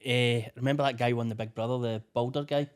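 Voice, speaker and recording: A Scottish man co-hosts a relaxed podcast, throwing in quick anecdotes and questions. His voice sits at a middle pitch, and he talks fast. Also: clear, resonant tone. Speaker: podcast co-host. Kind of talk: casual chat.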